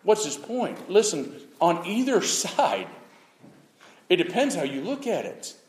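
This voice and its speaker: A man preaching a sermon, animated, acting out little voices and swinging from loud outbursts to hushed asides. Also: high-pitched, measured pace, echoey room, rough recording. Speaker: pastor.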